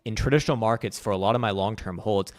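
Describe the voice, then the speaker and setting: A man's voice: lowish voice, quick pace, darkish tone, no echo. A man giving casual, rambling chart commentary on a livestream, loose and profane, full of fillers. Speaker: market analysis streamer.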